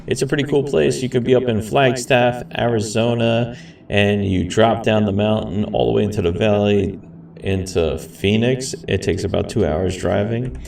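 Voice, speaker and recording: Low-voiced casual male streamer with a rambling manner, recorded a bit off-mic with faint hiss. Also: vocal fry, a little mellow. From grew up in a city. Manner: laid-back, rambling, says "man" and "guys". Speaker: flight sim streamer. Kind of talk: casual gameplay commentary. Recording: echoey room, mic far off, faint hiss.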